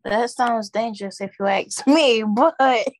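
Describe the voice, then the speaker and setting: A teenage girl co-hosts a student podcast in a playful, joking way. Her voice sits a little high, and the sound is dry and close, with no room around it. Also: measured pace, no room sound. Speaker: podcast co-host. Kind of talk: casual chat.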